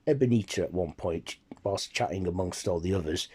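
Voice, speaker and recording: A man narrating a retold holiday ghost story in a plain, relaxed storytelling manner. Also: low-pitched, a little fast, husky.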